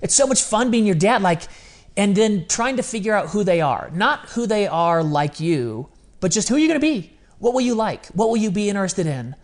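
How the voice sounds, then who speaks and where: With a high, sing-song voice at normal speed, a man talks as a guest in a candid podcast interview. His storytelling is earnest, open and confessional, and he regularly quotes his own words from the past.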